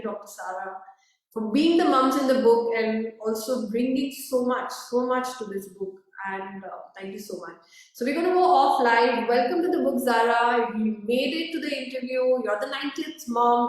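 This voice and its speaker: A woman hosting a live video interview, effusive and emotional, often repeating herself. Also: fairly high pitch. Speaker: host. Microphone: video call. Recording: echoey room, far from the mic.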